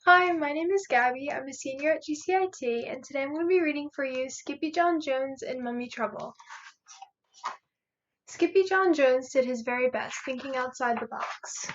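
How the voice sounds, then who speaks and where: A teenage girl reads a children's picture book aloud with a lively, rhythmic lilt. Her voice is high, and the home recording sounds muffled and lo-fi. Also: normal speed. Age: late teens. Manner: lively, rhythmic rhyming delivery. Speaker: volunteer reader. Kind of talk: children's storybook read-aloud.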